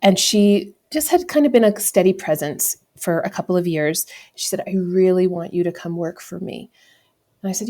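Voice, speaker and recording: Speaking at normal speed with a slightly low, darkish voice, a thirty-something American woman on a podcast reflects candidly on a personal story. She frequently breaks off to correct herself, laughing now and then.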